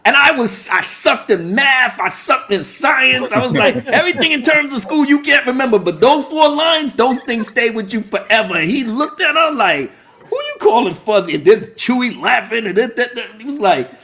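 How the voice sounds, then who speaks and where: Man, livestream host, high pitch, very lively delivery, acts out scenes, casual panel chat. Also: normal speed, hardly any pauses. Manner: animated, acts out movie lines, laughs often.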